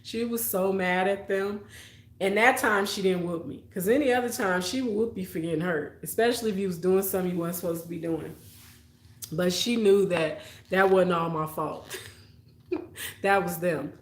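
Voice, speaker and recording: Her voice sits on the low side and moves at a normal speed. She's a young woman in her twenties or so, laughing a lot as she shares childhood stories and reads comments from viewers during a late-night stream recorded in an echoey room.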